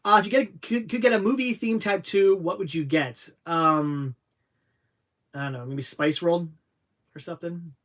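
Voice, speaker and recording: A young adult man hosting a casual livestream, reading viewer questions aloud and answering in a halting, rambling way. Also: high voice, a bit bright. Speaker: livestream host answering chat.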